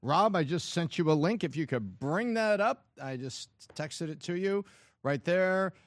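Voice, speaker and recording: A man speaking as a talk-show panelist, making a measured point with punchy lines. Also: fairly high pitch, lively intonation, no echo, studio quality.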